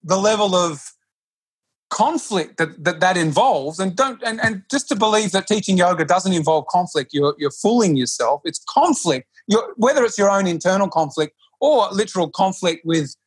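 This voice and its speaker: A man who teaches yoga, speaking in a relaxed conversation and often restarting his sentences or acting out quotes. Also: high voice, normal speed, few pauses, slightly rough. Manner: animated, with frequent restarts and acted-out quotes. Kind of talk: casual conversation.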